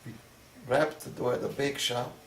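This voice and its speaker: A man's voice: mid-range voice, steady tone, vocal fry, fairly bright tone. Older Viennese-accented man recounting memories. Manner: measured storytelling with vivid recalled dialogue. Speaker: interviewee. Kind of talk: oral history interview. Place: interview room. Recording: roomy, distant mic with noise.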